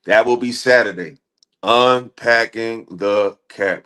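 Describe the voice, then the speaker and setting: A man's voice: fairly low pitch, normal speed. A man hosting a live stream, talking casually to his audience in loose slang with many fillers. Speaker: livestream host.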